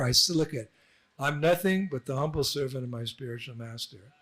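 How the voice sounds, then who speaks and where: A man's voice: mid-range voice, fairly quick, fairly bright tone. A man, a monk, giving an informal temple address, telling anecdotes and acting out the dialogue. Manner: storytelling, acts out dialogue with laughs. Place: temple hall.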